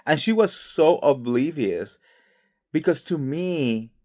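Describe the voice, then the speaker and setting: A man's voice: fairly high pitch, lively intonation, slow pace, darkish tone. A man hosting a casual pop culture commentary show, chatty and gossipy, full of fillers like "girl" and "okay". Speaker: host.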